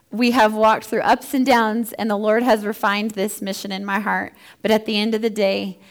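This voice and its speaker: A woman in her thirties, founder of a ministry for first responder families, giving an earnest, heartfelt personal testimony. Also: mid-range voice. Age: 30s. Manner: earnest, heartfelt, acts out quoted dialogue.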